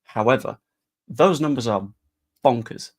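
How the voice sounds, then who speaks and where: A man's voice: mid-range voice, animated, a little slow. A man talking casually about football transfers, chatty and sarcastic. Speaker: football fan vlogger. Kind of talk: casual live-stream chat.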